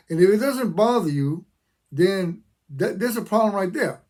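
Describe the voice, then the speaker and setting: A man's voice: high-pitched, expressive, normal speed, darkish tone. An older man, a veteran, ranting passionately to his channel's viewers, talking emphatically and repeating himself. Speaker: veteran YouTuber. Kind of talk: opinion rant to camera.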